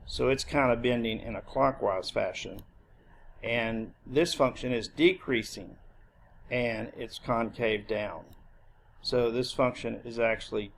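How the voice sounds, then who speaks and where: A man with a gravelly, creaky voice gives a recorded math lecture. His pitch sits in a middle range, and he explains step by step in a relaxed way, with the odd restart. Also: a little hiss or hum. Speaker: math teacher.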